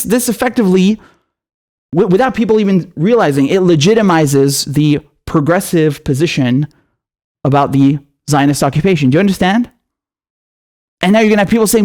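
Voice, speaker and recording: A man's voice: sits high, lively intonation, brisk, long pauses, a little mellow. A young man delivering angry, profane political commentary, firing off sarcastic rhetorical questions.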